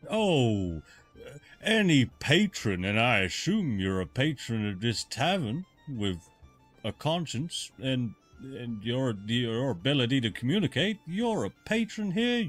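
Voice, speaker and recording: A man voicing a huge, two-hundred-year-old male bugbear barkeep who teases and chats in a sing-song, drawn-out way. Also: medium pitch, big pitch swings, soft background music. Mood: teasing.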